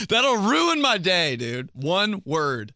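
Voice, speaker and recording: A man's voice: high-pitched, huge pitch swings, extremely slow, bright, forceful tone, dry recording, studio quality. A young man hosting a podcast, telling comic stories in a casual monologue, laughing often and mimicking voices. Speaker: podcast host.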